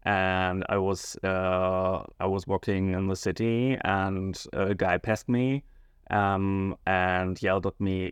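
A male schoolteacher answering interview questions hesitantly, often pausing and searching for words. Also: deep voice, level tone, smooth, dry recording, clean studio sound. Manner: hesitant, many fillers and restarts, searching for words.

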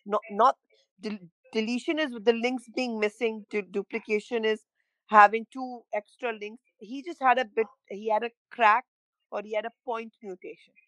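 Brief: middle-aged woman, earnest and halting, a bit high, dry close sound. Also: fairly even intonation, a bit bright, no room sound, poor audio. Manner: halting, repeats words, emotional and earnest. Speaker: parent of a child with a rare illness, interview guest. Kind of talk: emotional personal interview.

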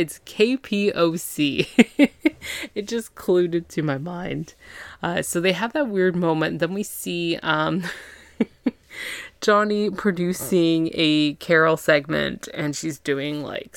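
A woman's voice: low-pitched, vocal fry, dry recording. A woman hosting a podcast, casually recapping a TV episode, chatty and tired, often laughing and acting out characters' lines. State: tired after a long day. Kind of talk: casual chat.

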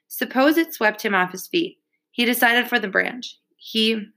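A woman reading a children's novel aloud in a steady, measured storytelling manner. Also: mid-range voice. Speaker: reader. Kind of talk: audiobook reading.

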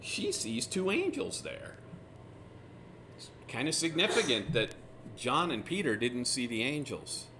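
A man teaching through a Bible passage in a relaxed, conversational way, retelling the scenes with lively asides. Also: on the high side, unhurried, pauses often, noisy background. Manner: casual, animated retelling of scripture scenes.

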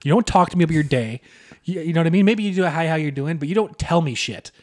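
A man's voice: a little high, racing. Profane ranting young man. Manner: profane, animated ranting with mock voices. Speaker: podcast co-host. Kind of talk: casual chat.

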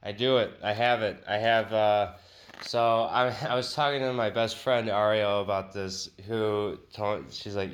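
A man's voice: fairly low pitch, steady tone, moderate pace. A man hosting a podcast, telling a rambling, profane, joking story in a casual way. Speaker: podcast host.

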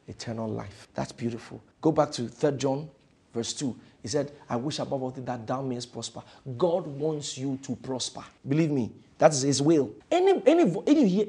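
A male pastor with a husky, mid-range voice delivers a fervent sermon in church, repeating phrases as he swings between loud declarations and hushed lines.

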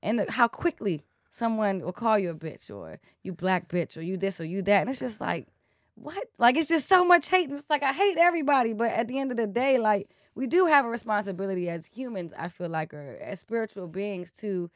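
A woman in casual conversation, expressive and slangy, swinging between loud bursts and soft asides. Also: medium pitch, a little fast, hardly any pauses, no room sound, clean studio sound.

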